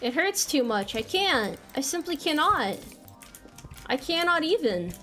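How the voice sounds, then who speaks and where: High-voiced playful American woman streamer. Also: very animated, unhurried, sharp tone, faint music behind. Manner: playful, self-mocking, reads chat messages aloud. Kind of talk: casual live-stream chat while gaming.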